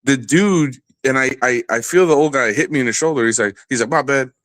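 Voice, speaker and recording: A man telling a long, animated and profane story in a casual podcast chat. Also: medium pitch, a little fast, no echo. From New York area.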